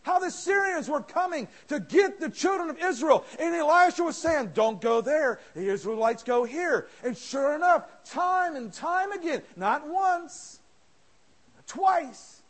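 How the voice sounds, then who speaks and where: A man preaching a fervent sermon, often shouting with passion and addressing the congregation as friends. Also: very high voice, lively intonation, unhurried. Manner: impassioned, shouting, calls listeners friends.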